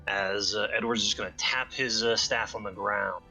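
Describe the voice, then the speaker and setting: A man with a very bright, sharp-edged voice and a fairly low pitch, playing his character in a tabletop game. He sounds relaxed and thinks aloud, filling pauses as he works out his move. Faint music plays in the background. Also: creaky. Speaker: player.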